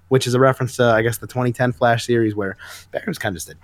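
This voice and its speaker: A man's voice: mid-range voice, level tone, racing, dry recording. A man co-hosting a casual comic book podcast, recapping scenes with enthusiasm and acting out the lines. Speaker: podcast co-host.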